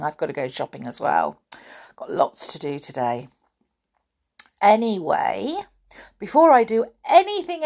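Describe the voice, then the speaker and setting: A woman's voice: low voice, creaky. A woman reading a children's story aloud, chatting to young listeners in a sing-song way.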